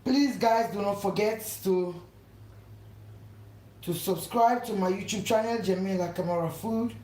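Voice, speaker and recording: A mellow, mid-range voice moving a little slowly belongs to a woman hosting a live cooking stream in her home kitchen. She talks effusively and repeats herself while continually asking viewers to subscribe. Her echoey room picks up faint household noise.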